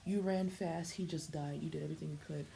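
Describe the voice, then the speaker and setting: Brief: young female streamer, lowish voice with fry, casual live commentary, faint noise behind. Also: steady tone, fast. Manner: stammering, talks to chat.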